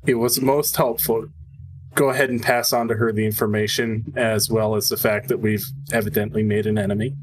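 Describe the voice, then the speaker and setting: A man's voice: lowish voice, level tone, brisk, no room sound, rough recording. A man playing a tabletop game, speaking in character with stiff, overly formal wording. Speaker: player.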